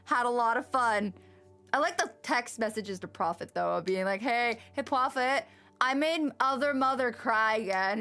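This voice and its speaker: A woman streaming a visual novel, chatting casually, giggly and excitable, and she swears freely. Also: sits high. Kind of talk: casual chat while streaming.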